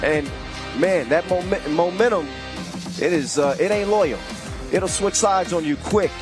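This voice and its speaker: A man calling a basketball game live, shouting with excitement and playful wordplay. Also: high-pitched, unhurried. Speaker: play-by-play commentator. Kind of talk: excitable sports commentary. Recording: loud arena crowd and music behind. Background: crowd and music.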